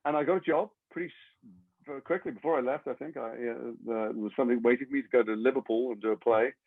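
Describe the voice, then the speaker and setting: An English actor being interviewed, telling long rambling anecdotes with self-deprecating humor. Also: male voice, medium pitch, quick pace, breathy edge, dry recording. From England. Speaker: actor guest. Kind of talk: interview storytelling. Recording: tinny phone-like line, dry.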